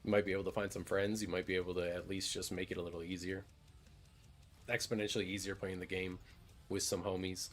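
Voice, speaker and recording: A relaxed man talking through his gameplay in a rambling, easygoing way, with casual swearing. His voice sits a little low. Faint background music plays under him. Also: fast talker. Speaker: gaming streamer.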